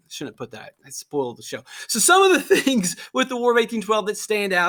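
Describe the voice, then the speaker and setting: A man teaching a history lesson in a casual, animated way, often acting out quoted voices. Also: sits high. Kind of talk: casual lecture.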